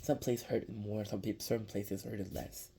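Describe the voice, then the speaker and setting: A man's voice: on the low side, level tone, a little slow, noisy background. A young man, rambling through a casual episode recap with lots of restarts. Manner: rambling, many restarts and fillers. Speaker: show reviewer.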